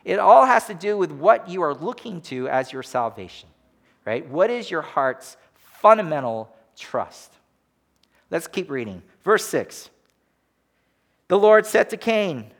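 A man's voice: high-pitched, sing-song, unhurried, vocal fry, a bit bright. A man preaching a sermon as pastor, emphatic and full of rhetorical questions.

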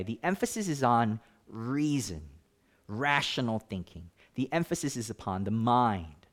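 A man preaching a sermon in an earnest, personal storytelling manner, with frequent fillers and emphatic rises. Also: mid-range voice.

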